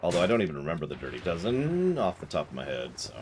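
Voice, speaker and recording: A low-pitched man talks through a gameplay stream in a loose, joking ramble, his voice rising and falling widely as he restarts his sentences. Game sounds play clearly underneath him the whole time. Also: huge pitch swings, fast talker. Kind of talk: casual let's-play commentary. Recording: game noise playing under the voice. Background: game sound effects and gunfire.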